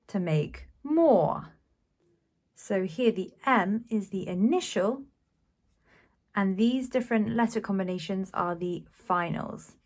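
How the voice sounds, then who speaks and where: A woman teaches a beginners' language lesson in an unhurried, measured way. She explains patiently and sounds out each syllable with care, at a middle pitch for a woman. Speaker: Mandarin teacher. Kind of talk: slow, clear language lesson.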